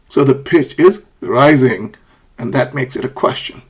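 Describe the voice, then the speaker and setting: A man teaching English pronunciation, who says example sentences aloud and repeats them to show rising and falling pitch. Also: very animated, normal speed, breathy edge. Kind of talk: pronunciation lesson.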